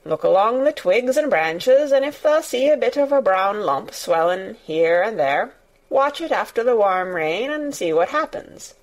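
A woman's voice: medium pitch, expressive, measured pace, lightly acted. A woman doing a grumbling old gardener. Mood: grudging. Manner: grunting, grumbling, curt. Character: grumbling old male gardener, gruff and cross.

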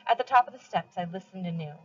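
A woman reading a novel aloud for a class, with steady, expressive first-person narration and pauses for study questions. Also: lowish voice, breathy edge, highs cut off, faint music behind.

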